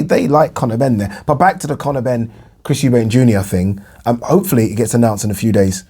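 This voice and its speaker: Speaking fast in a lowish, warm voice with a breathy edge, a young English boxing vlogger rambles through boxing news alone. It's casual commentary, heavy on fillers and phrases he says again and again.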